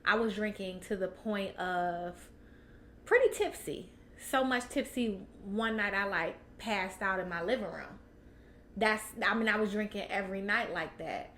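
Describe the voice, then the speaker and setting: Bright-voiced woman sharing her story. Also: mid-range voice, unhurried, a little hiss or hum. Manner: animated, laughs often, many restarts and fillers. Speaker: podcast guest. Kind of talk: candid personal chat.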